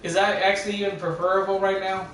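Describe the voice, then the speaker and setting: High-voiced man gaming, very echoey. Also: level tone, fast talker, fairly bright tone, slight background noise. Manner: repeats a word over and over trying to pronounce it, swears. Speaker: gaming streamer. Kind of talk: casual gameplay commentary. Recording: very echoey, distant mic with game music.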